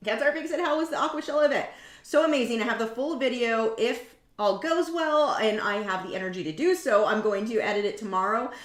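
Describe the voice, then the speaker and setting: Rather high and expressive, this painting livestream host's voice moves a little fast with few pauses. She rambles, pokes fun at herself, and wanders off on tangents while demonstrating, in an echoey room.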